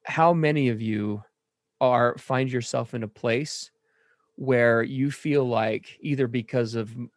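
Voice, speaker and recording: A man co-hosting a podcast who speaks earnestly and reflectively to listeners in recovery. His voice sits at a medium pitch. The recording is close and dry, with no trace of the room. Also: no echo. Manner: earnest, reflective, self-deprecating. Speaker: podcast co-host, works with men in recovery. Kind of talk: casual conversation.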